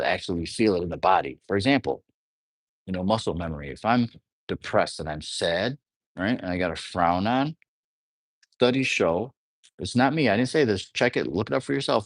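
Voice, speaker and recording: A man's voice: low-pitched, lively intonation, fairly quick, no echo. A man talking through astrology in a casual, rambling monologue, often checking in with the listener. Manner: rambling, conversational, often asks "you know what I'm saying". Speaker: astrology teacher.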